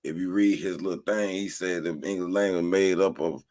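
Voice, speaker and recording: A man with a very deep voice talks in a musing, questioning way. He thinks things through out loud as a panelist in a relaxed group discussion. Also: normal speed.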